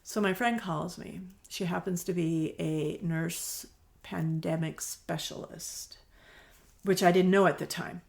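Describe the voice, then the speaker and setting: Chatty woman with a gravelly, low voice. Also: fairly even intonation, a little slow, a little mellow. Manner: chatty storyteller, acts out quoted dialogue, laughs easily. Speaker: quilt shop owner, podcast guest. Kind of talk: casual conversational interview.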